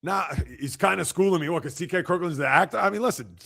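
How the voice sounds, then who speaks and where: A man's voice: sits high, fast talker, vocal fry, bright, forceful tone. A man hosting a sports livestream, chatting casually and teasing viewers as he reads and answers their comments. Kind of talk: casual live-chat banter.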